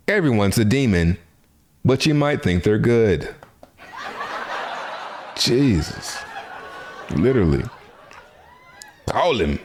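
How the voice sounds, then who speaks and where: Man, reaction commentary, lots of laughing and slang, faint noise behind. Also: mid-range voice. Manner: joking, laughs often, slangy. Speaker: reaction video host. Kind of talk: casual commentary.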